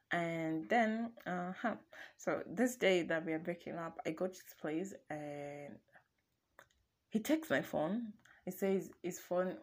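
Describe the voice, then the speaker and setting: A young woman chats straight to her viewers about a past relationship. Her voice sits a little low for a woman, and she talks in a loose, animated way with lots of fillers and laughs. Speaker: vlogger. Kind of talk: casual storytelling.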